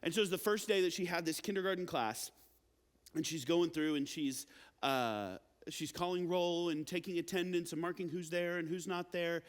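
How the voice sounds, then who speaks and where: A youth pastor, a young man with a high, light voice, delivers a sermon in a big hall where long reverb lingers after each phrase. Speaking at a moderate pace, he's casual and animated, packing in filler words like a storyteller chatting with teenagers.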